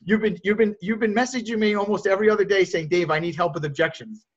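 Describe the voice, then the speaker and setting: Direct male sales coach on a call; high-pitched, muffled low-fi sound. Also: fast talker. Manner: blunt, direct, repeats words when he starts a thought. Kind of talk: coaching on a group video call.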